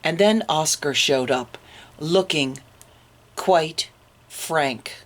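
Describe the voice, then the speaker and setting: A woman reading a picture book aloud to children, expressive and adding little asides to her listeners. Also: low-pitched, very slow, long pauses. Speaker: storytime reader.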